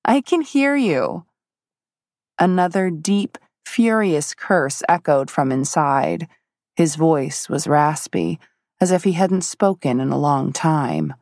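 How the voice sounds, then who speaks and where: A woman narrating a romance novel in a steady, measured storytelling manner. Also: low-pitched, gravelly, dry recording, studio quality. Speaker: audiobook narrator. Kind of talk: scripted narration.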